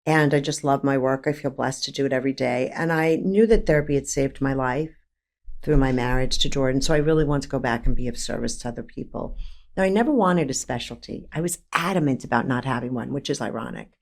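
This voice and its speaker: A New York-accented therapist in her fifties, with a very deep voice and fast delivery, appears as a podcast guest in a candid conversational interview. She's frank and animated, laughing often and piling up emphatic lists.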